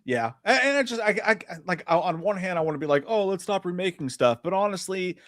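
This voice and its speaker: A man's voice: high-pitched, lively intonation, fast talker, a bit bright, no room sound, studio quality. A man co-hosting a live movie show, reading chat messages and telling loose, profane stories with a lot of laughing. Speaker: podcast co-host reading chat. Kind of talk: casual live-stream chat.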